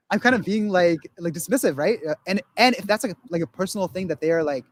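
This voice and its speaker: A man's voice: sits high, lively intonation, normal speed, slight background noise. A man talking casually on a podcast, rambling with many restarts and acting out quotes of other people. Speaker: guest.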